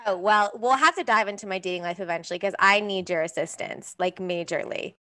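A young woman co-hosting a podcast, chatting casually and peppering her talk with "like." Her voice is bright and forward, with an easy, everyday pitch. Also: brisk. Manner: chatty, frequent "like" fillers. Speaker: podcast co-host. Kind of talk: casual chat.

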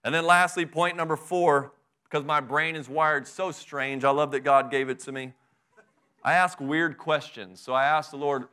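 Bright-voiced fervent man preaching a sermon. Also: a little high, normal speed, clear, resonant tone. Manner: fervent, conversational preaching with rhetorical questions. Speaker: pastor.

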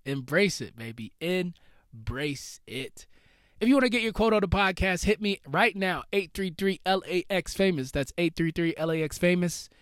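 A man's voice: high-pitched, animated, moderate pace, fairly bright tone, no echo, clean studio sound. A man hosting a motivational solo podcast, talking in a casual, slangy way and calling his listeners "baby". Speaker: podcast host.

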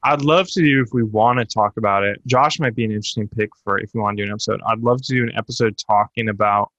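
A man's voice: fairly low pitch, quick pace, fairly bright tone, no room sound, muffled recording. Young man rambling candidly, dry sound. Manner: candid, rambling storyteller with many fillers. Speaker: podcast co-host. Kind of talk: casual chat.

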